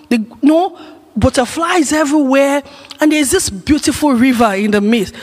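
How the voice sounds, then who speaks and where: A woman's voice: sits high, expressive, normal speed. A woman giving a conversational teaching talk at a church gathering, putting questions to her audience. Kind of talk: teaching talk on emotional wellness. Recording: long reverb of a hall.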